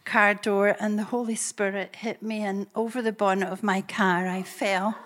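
A woman preaching a storytelling sermon. She speaks in an animated, breathy way and laughs often. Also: mid-range voice, moderate pace, slight background noise.

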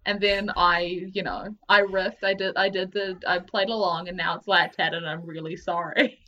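A woman co-hosting a comedy podcast, giggly and quick to laugh as she chats and improvises. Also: lowish voice, fairly even intonation, slight background noise. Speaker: podcast co-host. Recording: dull lo-fi recording.

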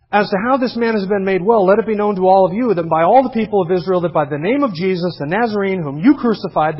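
A man's voice: sits high, slightly rough. A man preaching a sermon, emphatically reading scripture verses aloud and commenting on them between readings. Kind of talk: expository sermon. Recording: dull lo-fi sermon recording.

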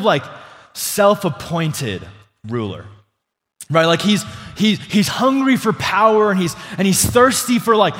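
Youthful pastor preaching in a reverberant hall. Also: male voice, high-pitched, a bit bright. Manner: casual, filler-heavy preaching with lots of "like" and restarts; asks the congregation questions and calls for responses. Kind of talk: sermon. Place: church sanctuary before a congregation.

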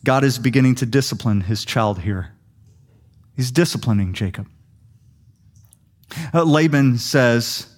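A young adult man preaching a sermon, telling a story with lively quick asides. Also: medium pitch. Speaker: pastor.

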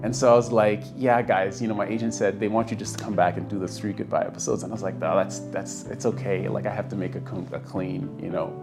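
A man's voice: fairly low pitch, steady tone, quick pace, vocal fry, hardly any pauses, over music. A young man casually telling a personal story, acting out the voices of the people he quotes. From Canada. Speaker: guest telling his story.

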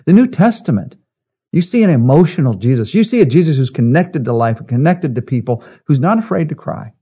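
A man preaching a sermon as pastor, earnest, slowing and softening on key phrases. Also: a little high, sing-song, slightly rough.

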